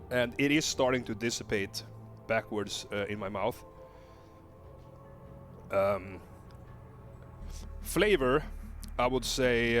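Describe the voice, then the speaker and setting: A man tasting a hot pepper on camera and talking it through casually, halting with lots of fillers and restarts. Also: mid-range voice, fairly bright tone. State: gasping and coughing from pepper heat. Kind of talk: casual vlog commentary.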